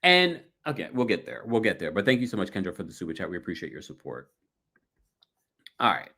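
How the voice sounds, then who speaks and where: Lively gossiping man hosting a recap stream. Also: fairly quick. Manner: gossipy, lively, mimics people in high voices. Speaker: recap show host. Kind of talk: casual livestream recap chat.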